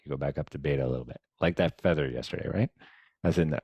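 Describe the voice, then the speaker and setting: Very deep-voiced mumbling man. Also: racing, slightly rough, dry recording. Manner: relaxed, chatty, drops to soft murmurs. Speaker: meditation guide. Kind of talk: casual guided-meditation talk.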